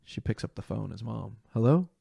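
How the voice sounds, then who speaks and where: A young man telling an emotional personal story as a guest, earnest and halting, acting out the voices of the people in it. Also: lowish voice, steady tone, darkish tone, dry recording, clean studio sound. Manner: earnest, acts out quoted voices, halting restarts.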